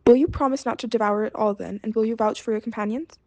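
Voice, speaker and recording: A woman voicing a stubborn, grumbling peasant man in a read-aloud fairy tale, blustering and exasperated, with a creaky edge. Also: on the high side, fairly even intonation, fast talker, warm tone, no room sound, lightly acted.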